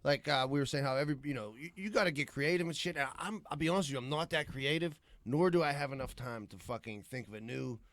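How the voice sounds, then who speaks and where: A man's voice: on the high side, fast, hardly any pauses, a bit bright, no room sound. A man co-hosting a podcast, telling rambling stories with frequent swearing. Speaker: podcast co-host. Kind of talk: casual chat.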